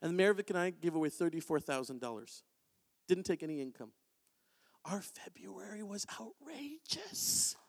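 A man preaching a sermon in a church, in an animated, conversational way. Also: sits high, normal speed, gravelly. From Canada. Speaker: pastor. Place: church sanctuary. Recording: long hall reverb.

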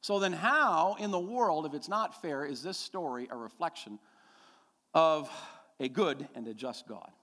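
A man's voice: a little high, animated, unhurried, a bit bright, in a large hall. A middle-aged man preaching a sermon as a pastor, telling a personal story and building to emphatic, repeated declarations.

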